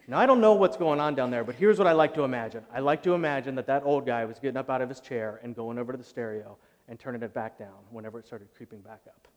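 A man preaching a sermon from the pulpit, telling a story with strong emphasis that swings between loud passages and hushed ones. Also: on the high side. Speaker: pastor. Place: church sanctuary. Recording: long reverb of a church hall.

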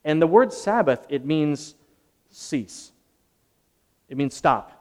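A man's voice: fairly high pitch, expressive, takes it slowly. Earnest male pastor in a reverberant hall. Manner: earnest and conversational, swelling loud at dramatic moments. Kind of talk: sermon.

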